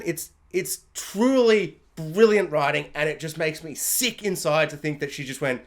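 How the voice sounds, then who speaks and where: A man's voice: fairly high pitch, expressive, moderate pace, hardly any pauses. A man giving a casual, gushing TV episode review, rambling with lots of fillers. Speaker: TV review vlogger.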